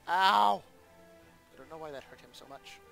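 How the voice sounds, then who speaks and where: A man's voice: on the high side, unhurried, gravelly, over loud music. A man hosting a let's play, giving casual gameplay commentary and thinking aloud with chatty asides.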